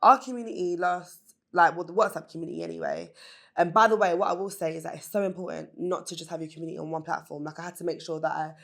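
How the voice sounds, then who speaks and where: A woman's voice: on the low side, fairly even intonation, fast, creaky. A woman who founded a business, talking candidly and earnestly as a podcast guest, often with fillers. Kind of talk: casual interview chat.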